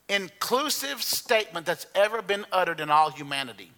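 Bright-voiced pastor preaching. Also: male voice, sits high, lively intonation, moderate pace, hardly any pauses. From Alabama, US. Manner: earnest, emphatic preaching, stressing key words. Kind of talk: sermon. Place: church sanctuary. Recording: long reverb of a church hall.

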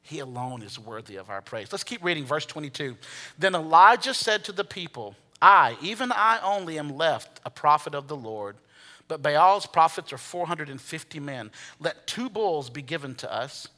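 A man preaching a sermon as pastor, swinging from hushed asides to loud, animated calls and leading the congregation to repeat phrases. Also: a little high, moderate pace. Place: church sanctuary. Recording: long reverb of a large hall.

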